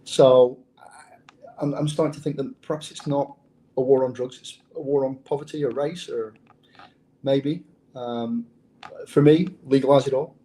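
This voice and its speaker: A man tells his undercover past in a casual interview, speaking bluntly and swearing freely. His voice is dark and mellow, and he keeps doubling back on his words as he goes. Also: mid-range voice. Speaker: former undercover officer, guest.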